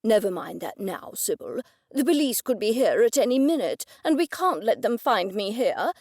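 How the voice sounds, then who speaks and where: A woman voicing a stubborn, pompous older gentleman in an audiobook, with fussy, proper, old-fashioned phrasing. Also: on the high side, sing-song, normal speed, no room sound, clean studio sound. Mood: insistent. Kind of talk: audiobook character voice.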